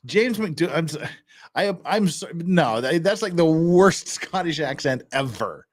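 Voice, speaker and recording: A man casually commenting on a hearing video, chatty and full of quick asides. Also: on the high side, expressive.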